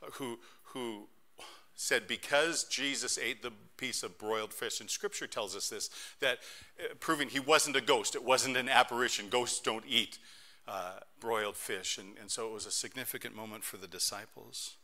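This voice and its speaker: Delivering a sermon at normal speed, this middle-aged pastor has a medium-pitched voice. His storytelling is animated, shifting from quiet moments to loud ones.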